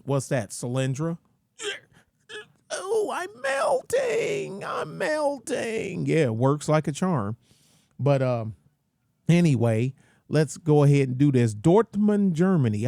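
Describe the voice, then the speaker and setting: A man's voice: a little high, warm tone, dry recording, clean studio sound. A man hosting his own channel, ranting in a folksy, rambling, slangy way. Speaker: channel host. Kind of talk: casual rant commentary.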